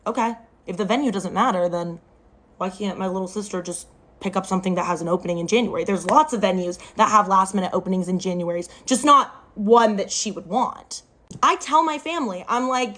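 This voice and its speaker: A woman's voice: medium pitch, normal speed, fairly bright tone. A young woman telling a family story in a casual, sarcastic, exasperated way.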